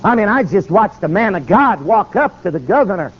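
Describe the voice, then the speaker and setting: Animated man telling a sermon story. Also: sits high, a little fast, breathy edge, lo-fi sound. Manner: animated, acting out dialogue. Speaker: preacher and attorney.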